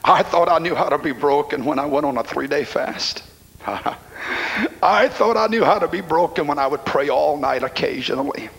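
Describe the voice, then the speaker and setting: A middle-aged preacher man with a high voice delivers a sermon to his congregation. His preaching is impassioned and moves from quiet, hushed stretches to full shouts. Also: expressive, normal speed, vocal fry, breathy edge, low-quality recording. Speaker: pastor. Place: church congregation.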